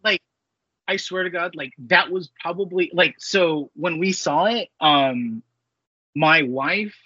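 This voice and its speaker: A man co-hosting a podcast, chatting excitably and profanely about a movie. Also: on the high side, takes it slowly, slightly rough, no echo, highs cut off. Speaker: podcast co-host. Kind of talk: casual movie chat.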